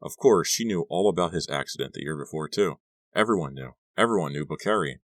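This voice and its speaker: A man narrating a young adult horror novel in a measured reading. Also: a bass voice, animated, no echo, studio quality. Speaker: audiobook narrator. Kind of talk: scripted narration.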